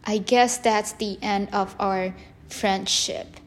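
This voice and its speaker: A woman plays a friendly young snake who hisses softly as he talks. His speech is slow and careful, read aloud from a children's storybook. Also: mid-range voice, steady tone, lightly acted. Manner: hissing, friendly.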